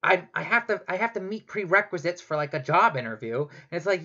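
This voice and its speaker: A woman's voice: lowish voice, expressive, a little fast, hardly any pauses, a bit bright. A woman doing a profane, rambling comedic rant monologue, full of sarcasm. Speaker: comedic ranter, show host. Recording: dull lo-fi home recording.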